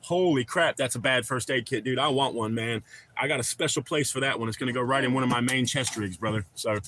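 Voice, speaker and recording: A livestream host with a medium-pitched, somewhat bright voice talks a little fast over slight background noise. In casual chat he reads comments aloud, swears freely, tells long rambling stories, and calls viewers brother.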